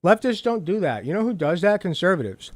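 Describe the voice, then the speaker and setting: A man's voice: high voice, very animated, brisk, dry recording. A man hosting a reaction commentary, sarcastic and profane, with a mocking edge. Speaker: host.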